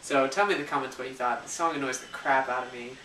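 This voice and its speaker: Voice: mid-range voice, fast, fairly bright tone. A vlogger reviewing a music video in a casual, sarcastic, mocking way, retelling it with lots of energy. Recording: echoey room, mic at a distance, faint hiss.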